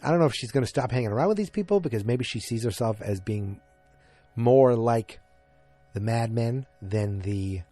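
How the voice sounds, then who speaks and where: Male podcast host, casual recap, halting and rambling delivery, dry close sound. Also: medium pitch, dark tone, no echo, soft background music. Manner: rambling, halting, many fillers and restarts.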